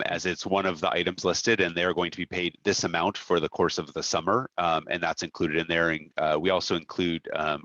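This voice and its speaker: A man with a low, bright-edged voice and a dry, close sound. He talks like a camp owner on a podcast, relaxed and thoughtful, often breaking into a laugh. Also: dry recording, muffled recording. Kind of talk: casual podcast conversation.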